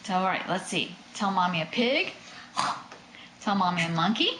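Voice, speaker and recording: A woman's voice: fairly low pitch, lively intonation, normal speed, fairly bright tone, echoey room, slight background noise, low-quality recording. A mother patiently coaxing her toddler in a home video, with sing-song prompts.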